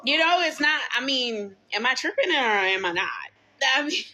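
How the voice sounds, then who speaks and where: A woman's voice: sits high, lively intonation, moderate pace, pushed and bright. A woman in her thirties telling a personal story to a live chat, candid and profane, stopping often to ask her viewers what they think. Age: 30s. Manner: candid, profane, venting, asks chat for opinions. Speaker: livestream host.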